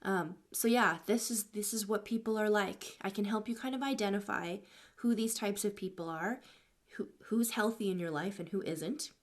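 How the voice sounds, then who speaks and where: Sex: woman. Role: life coach. Style: casual live-stream talk. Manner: chatty, breaks off to thank viewers. Pitch: middle. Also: normal speed. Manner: chatty, thanks viewers between points, tells stories.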